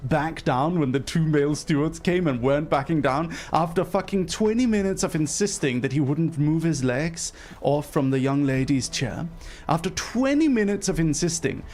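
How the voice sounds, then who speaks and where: A man telling a story on a livestream, animated, emphatic and full of profanity. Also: fairly high pitch, normal speed.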